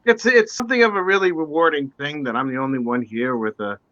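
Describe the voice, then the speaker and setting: A man's voice: a little high, fast, bright, forceful tone. A man with a New York accent chatting casually on a video call, joking, swearing and rambling. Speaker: guest artist. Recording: dull lo-fi video call audio.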